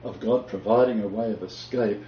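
A man's voice: fairly low pitch, fairly even intonation, normal speed. A man leading a casual bible discussion, talking in an emphatic, preacherly way with frequent laughter. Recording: roomy, dull lo-fi recording with faint noise.

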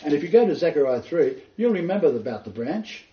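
This Bible teacher has a fairly high voice with big pitch swings and a brisk delivery, walking an informal study group through scripture in earnest detail. The audio is lo-fi, dull, distant and roomy.

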